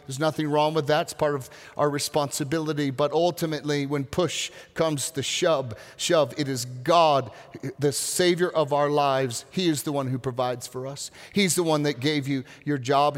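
Male pastor, high voice, earnest sermon, long hall echo. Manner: earnest preaching with slow, drawn-out emphasis. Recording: reverberant hall.

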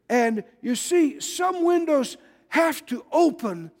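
A pastor preaching a folksy sermon, calling for amens and rising to shouts. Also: male voice, very high voice, very animated, slow. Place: church sanctuary. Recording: long reverb of a church hall.

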